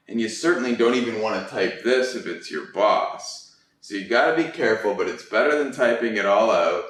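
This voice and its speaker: A man's voice: on the low side, fairly bright tone. Chatty man teaching in an echoey room. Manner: chatty, acts out quoted reactions. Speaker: English teacher. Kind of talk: casual explanatory lesson. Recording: echoey room, distant mic.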